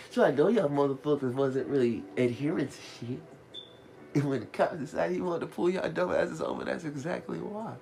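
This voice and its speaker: A man hosting a live radio show, telling stories in a profane, animated way and laughing as he goes. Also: a little high, normal speed, creaky, slight background noise. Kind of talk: casual storytelling rant.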